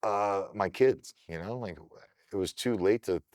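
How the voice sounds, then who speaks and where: A middle-aged man from Ohio, a kickboxer guest on a podcast, telling his story in an animated, casual way and swearing freely. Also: fairly low pitch, unhurried, dry recording, studio quality.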